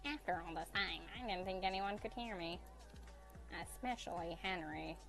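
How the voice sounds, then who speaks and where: A gentle, nerdy young man speaks in an earnest, soft manner, as a woman puts him on. His voice sits a little low, with clear background music under it. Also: moderate pace, rough recording. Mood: tender.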